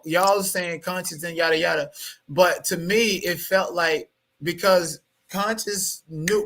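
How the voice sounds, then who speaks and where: Bright-voiced, profane, heated man. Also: on the high side. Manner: animated, profane, repeats words when worked up. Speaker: guest. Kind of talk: heated livestream interview.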